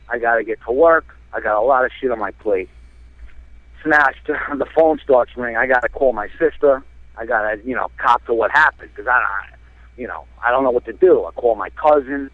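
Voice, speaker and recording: A man from New Jersey, calling in and telling a rambling, animated story with lots of fillers. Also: medium pitch, fairly quick, no room sound. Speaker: caller. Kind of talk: casual storytelling. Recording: tinny phone line.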